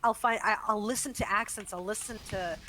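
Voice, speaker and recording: Bright-voiced woman, animated and chatty. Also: mid-range voice, fairly quick, rough recording. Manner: animated, laughs often, talks in long flowing explanations. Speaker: voice actor guest. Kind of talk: casual interview chat while gaming. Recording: faint background noise.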